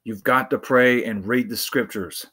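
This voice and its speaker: A man's voice: mid-range voice, fairly even intonation, bright, forceful tone, slightly rough. A man vlogging, preaching in a rambling monologue that halts and restarts often. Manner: halting, full of fillers and restarts.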